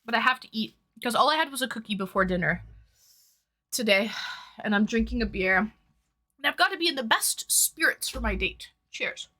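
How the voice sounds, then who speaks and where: Bright-voiced woman chatting on a livestream. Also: on the high side, expressive, normal speed. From Toronto, Canada. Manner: greets chat viewers by name, bubbly and chatty. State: runny nose from hot sauce. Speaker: livestream host. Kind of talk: casual livestream chat.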